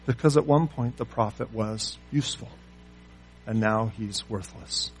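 A man preaching a sermon, pressing his listeners with rhetorical questions and moving between loud emphasis and quiet asides. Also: on the low side, a little slow, soft background music. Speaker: pastor.

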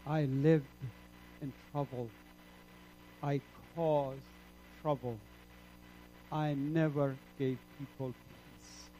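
A man from the Middle East preaching his own testimony in an impassioned sermon style. He is emphatic, dropping low and soft, then climbing to loud peaks. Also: steady tone, drawn-out words, pauses often, slight background noise, rough recording.

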